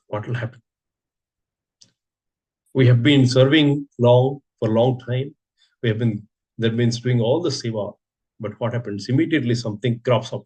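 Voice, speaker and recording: A man's voice: medium pitch, brisk, darkish tone, breathy edge. A man giving a sermon, telling a story and asking rhetorical questions. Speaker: preacher giving a scripture class.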